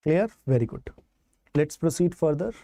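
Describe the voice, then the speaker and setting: A man's voice: on the high side, animated, moderate pace, mellow, dry recording. A man with an Indian English accent, teaching English grammar in an online exam-prep lesson, explaining step by step and checking that students follow.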